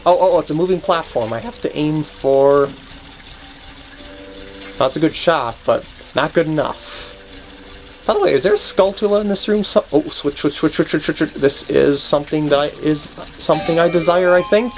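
A man's voice: fairly high pitch, normal speed, slight background noise. A man hosting a let's play, giving casual gameplay commentary as he thinks aloud, often restarting sentences and chuckling.

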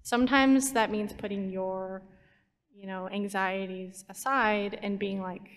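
A woman's voice: mid-range voice, fairly even intonation, a little slow. A woman chatting casually on a convention panel as a YouTube storyteller. She is chatty and giggly, with many fillers and restarts. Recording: long hall reverb from a convention panel.

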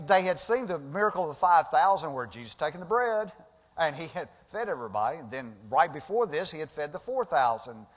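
A male pastor preaching a sermon in a church sanctuary, talking conversationally and rising to emphatic bursts when he retells the story. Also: a little high. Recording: dull lo-fi sound with long hall reverb.

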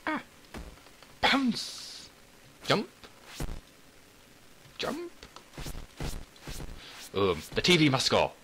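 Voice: mid-range voice, wildly swooping pitch, fairly quick, hardly any pauses, a bit bright, slight background noise, poor audio. Giggly, sing-song game commentator. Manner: playful and giggly, sing-song bits and cat noises; talks as the cat, with mock outrage. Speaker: gameplay commentator. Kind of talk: let's play commentary.

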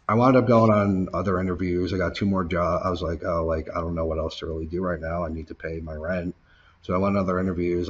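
A low-voiced man with a husky grain tells his story loosely, full of swearing and filler. When he quotes someone, his voice shoots up. The recording sounds dull and muffled. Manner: casual, profane, filler-heavy storytelling; acts out quoted people, voice jumping up when heated. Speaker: interview guest. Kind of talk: casual interview storytelling.

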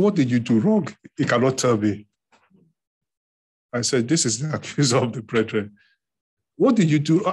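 A man preaching as pastor, emphatic, repeating phrases and climbing higher on key points. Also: a little mellow, slightly rough. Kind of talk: sermon. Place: church hall.

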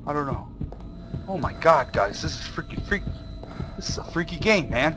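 A young man commentating a horror game, jumpy and excitable, swearing and shouting when scared. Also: fairly high pitch, moderate pace, long pauses, low-quality recording. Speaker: gaming video host.

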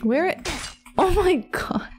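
A woman giving casual, excitable commentary over her own gameplay, laughing and exclaiming often. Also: very high-pitched, takes it slowly, faint music behind. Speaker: gaming YouTuber.

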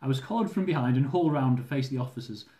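A man reading his own humorous travel memoir aloud, lively and dramatic, with comic swearing. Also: mid-range voice, very fast. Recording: roomy echo.

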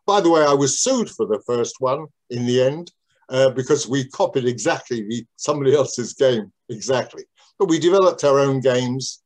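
An older man reminiscing in an interview about how he started in business, talking in a rambling, digressive way with many restarts. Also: medium pitch.

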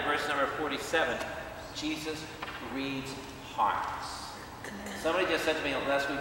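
A man, a priest, preaching a lively Bible study to a congregation, asking questions and acting out quotes. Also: on the high side, normal speed, slight background noise. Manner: animated, questions the audience, acts out quotes. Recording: echoey hall, speaker far from mic.

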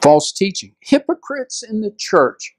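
A middle-aged man preaches in a relaxed storytelling way, his voice sitting a little high for a man. He slips into the people of his story, lifting his pitch to act out their lines. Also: a little slow. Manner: conversational, acts out quoted voices with rising pitch. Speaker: pastor. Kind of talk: storytelling sermon.

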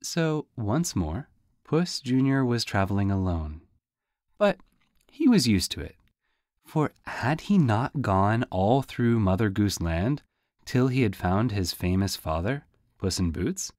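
A man narrating a storybook audiobook in a lively, folksy way. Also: on the low side, slow, dry recording, studio quality. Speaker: audiobook reader.

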